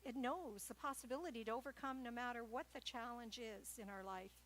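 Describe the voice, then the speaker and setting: A woman preaching a sermon at a church service, telling stories in a gentle, light-hearted way. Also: fairly high pitch, brisk, a little hiss or hum, poor audio. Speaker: guest speaker at church.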